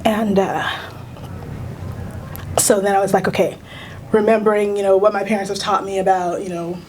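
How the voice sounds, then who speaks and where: A woman's voice: medium pitch, little pitch movement, slight background noise. Earnest American woman telling a hard story. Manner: halting, many restarts and fillers, soft and earnest. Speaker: union council president, teacher. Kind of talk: personal storytelling in a recorded conversation.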